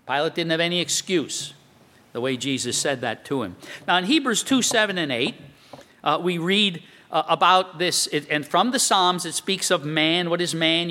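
Bright-voiced man preaching in a hall. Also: a little high, lively intonation, moderate pace. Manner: conversational, rhetorical questions, quotes scripture. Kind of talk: sermon. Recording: long hall reverb.

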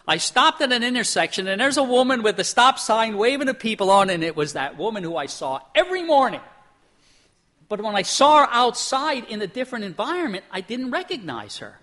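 A man's voice: sits high, bright, forceful tone. A man from Pennsylvania preaching a sermon as a pastor, talking in a conversational way with rhetorical questions, acting out quotes and often repeating words as he restarts.

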